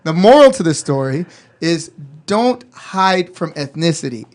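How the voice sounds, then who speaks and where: A man co-hosting a podcast, telling a story in a rambling, animated way with many restarts. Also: a little high, measured pace.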